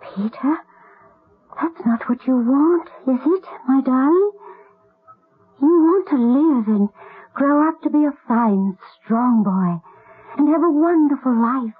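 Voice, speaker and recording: A woman's voice: sits high, lively intonation, unhurried, heavily acted. A tearful, tender noblewoman. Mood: tearful pleading. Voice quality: husky, tearful. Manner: gentle, pleading. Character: tender noblewoman mourning a lost son. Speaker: lady of the house. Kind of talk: 1970s radio drama acting. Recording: lo-fi old radio broadcast.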